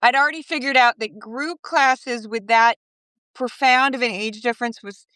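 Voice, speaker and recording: A middle-aged woman chatting as an interview guest over her phone, animated and quick with laughing asides. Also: a little high, no echo. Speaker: podcast guest. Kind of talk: casual interview chat.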